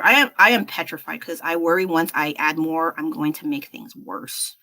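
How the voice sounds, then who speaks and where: Her voice sits low, pushed and bright, moving at normal speed. She's a young American artist livestreaming while painting, talking in a rambling, self-mocking way punctuated by fillers and laughter.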